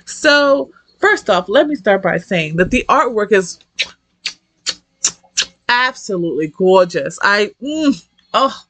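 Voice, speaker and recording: A young woman reviewing a manga in casual chat, excitable, swearing a lot and rambling off-topic. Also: medium pitch, slow, pauses often, no room sound.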